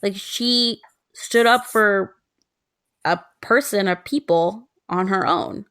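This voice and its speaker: A woman in her twenties, a podcast co-host, telling stories in casual chat, animated and laughing often. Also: mid-range voice, slow pace, clean tone, no room sound, studio quality.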